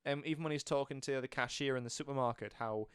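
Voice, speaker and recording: A man's voice: medium pitch, quick pace, clean tone, dry recording, clean studio sound. A man in casual chat about a film, retelling scenes and acting out the characters' lines. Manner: animated storytelling, acting out scenes. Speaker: film reviewer.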